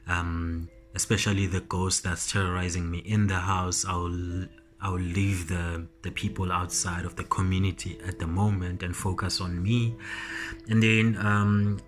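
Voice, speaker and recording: A man's voice: little pitch movement, soft background music. A man casually recapping a TV episode as a reviewer, hesitant with many ums and restarts. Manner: slow and low-key. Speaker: TV show reviewer.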